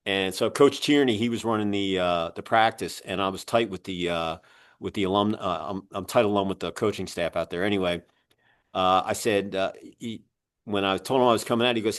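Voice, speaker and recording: A man's voice: fairly low pitch, brisk. A middle-aged American man telling long coaching stories in a casual interview, full of fillers and restarts. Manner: rambling, many fillers and restarts, lively quoting of others. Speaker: guest, coach.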